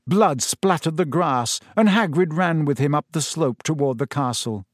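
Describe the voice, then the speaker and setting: A man reading a novel aloud as a steady, expressive audiobook narrator. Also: on the high side, normal speed, no room sound, studio quality. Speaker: audiobook reader. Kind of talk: storybook narration.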